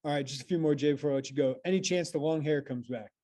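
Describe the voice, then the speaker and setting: A man's voice: fairly high pitch, fast, dark tone. A man hosting a podcast, talking conversationally and reading out listener questions. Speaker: podcast host. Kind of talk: casual podcast interview.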